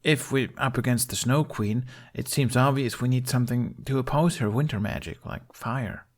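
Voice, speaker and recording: A man's voice: mid-range voice, normal speed, pitched above the performer's own voice, lightly acted. A man reading fan fiction aloud, voicing a sly young girl who drawls in an offhand way. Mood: nonchalant.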